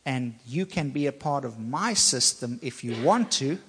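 A man preaching a sermon, speaking with slow emphasis and repeating phrases to drive points home. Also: mid-range voice, expressive, fairly bright tone, in a large hall, a little hiss or hum.

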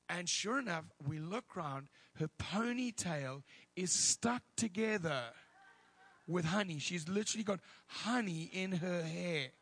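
A male preacher telling a story in a sermon, animated and laughing, with loud bursts of prayer. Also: sits high, unhurried.

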